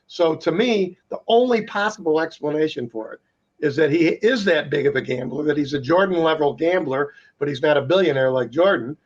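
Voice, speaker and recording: Plainspoken man, slightly raised pitch. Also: fairly quick, muffled recording. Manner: speculative, plainspoken. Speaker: panel guest. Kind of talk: panel discussion.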